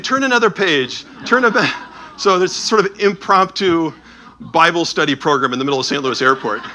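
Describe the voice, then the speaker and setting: A man with a fairly high, bright voice tells stories as he presents a series of illuminated images. His manner is animated and anecdotal. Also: slight background noise. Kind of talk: storytelling talk with slides.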